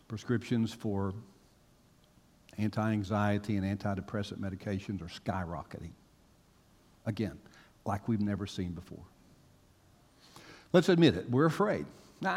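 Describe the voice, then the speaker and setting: A man preaching a sermon to a congregation, telling stories with animated swings from hushed to loud. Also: medium pitch. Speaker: pastor. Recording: long reverb of a large hall.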